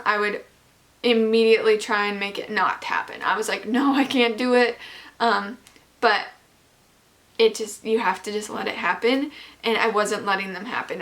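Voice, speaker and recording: A woman's voice: mid-range voice, a bit bright. A young woman vlogger telling a personal story in a casual, candid way, with lots of likes and ums.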